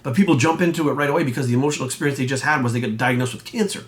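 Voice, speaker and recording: A man's voice: medium pitch, rapid-fire. A man, a fitness coach ranting casually and bluntly, swearing often and acting out quoted voices. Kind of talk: casual rant to camera.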